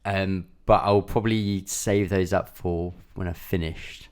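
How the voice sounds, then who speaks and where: A man's voice: low voice, fairly even intonation, unhurried, clean tone. A man co-hosting a podcast, chatting casually and rambling with lots of fillers. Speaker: podcast co-host. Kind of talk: casual chat.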